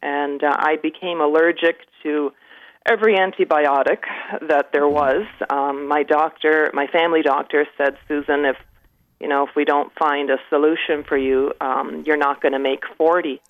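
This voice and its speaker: Woman in her fifties calling in, halting. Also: low voice, steady tone, no room sound, phone-quality sound. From Canada. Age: 50s. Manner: halting, many fillers, emotional at times. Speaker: caller. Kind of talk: call-in testimony.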